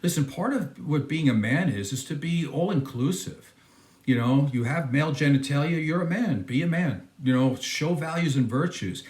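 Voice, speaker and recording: A man reacting to a video, his pitch swinging widely as he scoffs and presses his points. His voice carries an echo from the room. The delivery is emphatic and incredulous. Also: animated, normal speed, darkish tone. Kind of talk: casual commentary reacting to a video.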